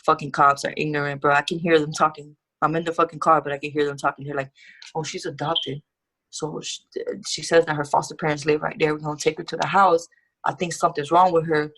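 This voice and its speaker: A woman's voice: low voice, little pitch movement, quick pace, fairly bright tone. A young woman guest telling her life story in a casual interview, candid and profane with street slang.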